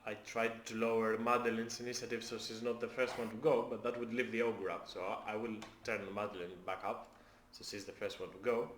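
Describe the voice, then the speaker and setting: A man running a tabletop game as dungeon master, with many pauses and fillers. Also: fairly low pitch, level tone, fairly bright tone, echoey room, a little hiss or hum.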